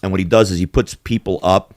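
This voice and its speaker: A man's voice: sits low, fairly even intonation, quick pace, a little mellow, no echo, studio quality. A man hosting a podcast, talking in heated, profanity-laden rants with big swings in emphasis. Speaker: podcast host. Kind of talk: casual heated chat.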